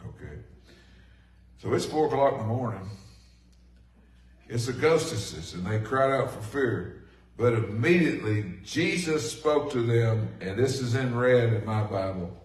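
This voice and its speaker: A middle-aged man preaching a sermon in a folksy, animated way, swinging from loud bursts to hushed asides. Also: mid-range voice, unhurried. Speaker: pastor. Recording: echoey room from a distant mic.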